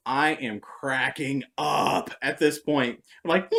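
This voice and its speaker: A woman telling stories in a casual vlog monologue, sarcastic and animated. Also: a little slow, hardly any pauses. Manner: animated, sarcastic, jumps between high and low tones. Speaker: vlogger.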